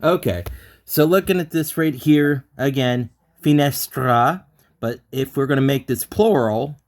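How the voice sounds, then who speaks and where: Man student, mid-pitched voice, eager, thinks out loud, repeats back. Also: a little slow. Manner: eager, talks things through, repeats back to check. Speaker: language student. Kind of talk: casual online lesson.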